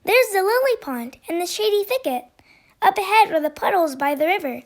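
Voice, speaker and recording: Storybook: woman voicing a cheerful, enthusiastic male duck, high-pitched. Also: animated, brisk. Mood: eager. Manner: bright, enthusiastic.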